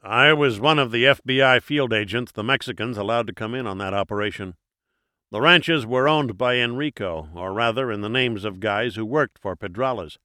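A man's voice: medium pitch, normal speed, pushed and bright, dry recording, clean studio sound, close to an everyday voice. A man voicing a blunt, world-weary FBI agent. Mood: emphatic. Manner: blunt, wry, launches into monologues.

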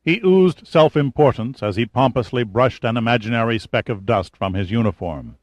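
A man narrating a thriller novel as a scripted audiobook, with even, descriptive storytelling. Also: mid-range voice, normal speed, no echo.

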